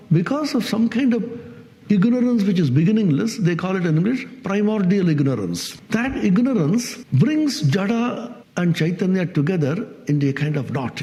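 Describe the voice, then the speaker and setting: A man's voice: high-pitched, lively intonation, normal speed, warm tone, in a large hall. A swami giving a spiritual discourse on Vedanta to an audience. He asks his listeners questions and acts out everyday speech.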